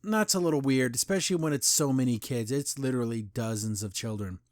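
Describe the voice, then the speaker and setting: A man's voice: medium pitch, brisk, darkish tone, no echo, clean studio sound. A young man hosting a podcast, giving a casual, opinionated review that rambles with lots of restarts and repeated words, often with a sarcastic edge. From United States, grew up in Las Vegas. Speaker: podcast host.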